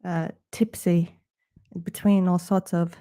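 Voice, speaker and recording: A woman's voice: lowish voice, flat delivery, measured pace, dark tone. A woman hosting a live art stream in casual chat, putting on a playfully snooty, self-mocking wannabe British accent. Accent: put-on wannabe British accent.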